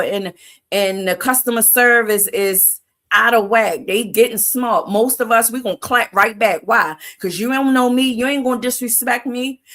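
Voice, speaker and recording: A woman's voice: fairly high pitch, fairly bright tone. A woman hosting a livestream who gives a motivational talk in casual vernacular, asking "Why?" before each answer. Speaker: livestream host.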